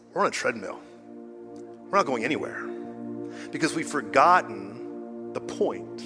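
Pastor preaching in a reverberant hall. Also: male voice. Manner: preaching with sudden swings between loud emphasis and hushed lows; direct and conversational with the congregation. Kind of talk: sermon. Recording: reverberant hall, faint music behind.

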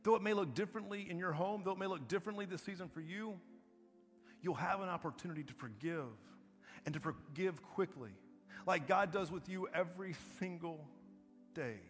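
A man's voice: high-pitched, a little fast. A male pastor, preaching a sermon emphatically, repeating phrases and asking "right?". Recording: long reverb, faint music behind.

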